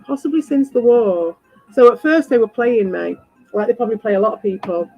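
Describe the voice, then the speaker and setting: A woman streamer in a casual ranting chat, animated, swearing freely and repeating herself. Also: a little high, brisk, highs cut off, faint music behind. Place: home.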